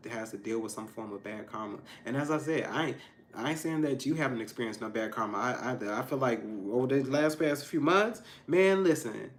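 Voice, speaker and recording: A man giving a casual tarot reading to his viewers, emphatic and frank, swinging between loud outbursts and low asides. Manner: frank and profane, addressing viewers directly. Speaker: tarot reader.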